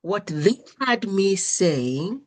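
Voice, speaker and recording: Animated woman telling stories. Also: medium pitch, extremely slow. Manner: animated, acts out quoted dialogue with shifting intonation. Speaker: podcast host. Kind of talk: conversational storytelling monologue.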